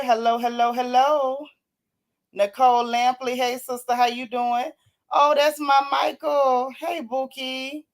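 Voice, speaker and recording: A sick, worn-out woman hosting a casual livestream, greeting her viewers by name in a folksy, teasing way and calling them sis and child. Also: a little high. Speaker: livestream host.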